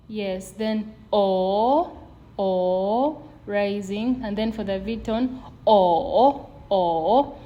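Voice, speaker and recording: A woman teaching a video lesson, speaking slowly and patiently as she draws out each example sound. Her voice sits a little high but has a soft, mellow tone. A faint hiss of background noise runs underneath. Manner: slow, patient, drawn-out demonstrations of tones. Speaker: language teacher.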